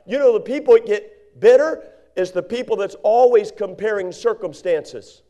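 A man's voice: high-pitched, moderate pace, mellow. A male preacher delivering a sermon, reading old-style Bible verses and acting out quoted people. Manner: preachy, acts out quoted voices, reads King James verses.

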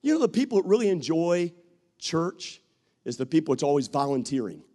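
A man preaching a sermon as pastor, acting out what people say and rising to shouts at his peaks. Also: on the high side, very animated, fairly quick.

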